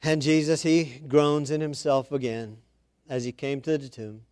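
Man, preacher, fairly high voice, chatty scripture commentary, dry sound. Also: steady tone, measured pace, darkish tone, clean tone, no room sound. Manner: reads scripture then comments conversationally, with asides and restarts. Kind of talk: informal Bible-study sermon.

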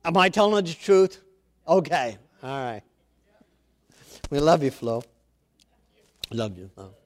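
A pastor delivers his sermon in a fairly high voice for a man. He talks with his congregation in an easy, chatty way and names people in the pews. He often builds to loud, emphatic preaching. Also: big pitch swings, slow. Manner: conversational, calls on members of the congregation by name.

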